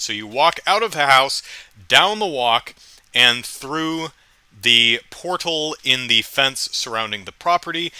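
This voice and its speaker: A man talks slowly and wryly, hosting his own podcast in a casual, amused way. His voice is bright and smooth, with a dry, close-mic sound. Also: mid-range voice, no echo. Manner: wry, amused storytelling. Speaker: podcast host. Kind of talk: casual solo commentary.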